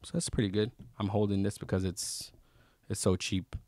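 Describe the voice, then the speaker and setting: A man's voice: lowish voice, steady tone, moderate pace, a little mellow, a little hiss or hum. A man casually reviewing microphones on camera, rambling with fillers and restarts. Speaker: YouTube gear reviewer. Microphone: close studio microphone.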